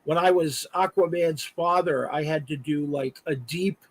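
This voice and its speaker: A man with a slightly high voice speaks a little slowly as a live stream guest. He works as an artist and voice actor and chats casually in an interview, with plenty of "uh" fillers and restarts. He's on a remote live stream call, and the audio is poor though without echo.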